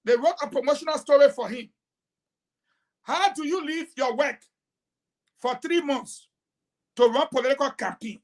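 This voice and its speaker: A woman delivers fierce political commentary on a talk show. Her voice sits high, and she jumps from loud, emphatic bursts to low, pointed asides. She is combative and lecturing. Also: moderate pace, pauses often. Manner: emphatic, combative, swings between loud outbursts and quiet asides.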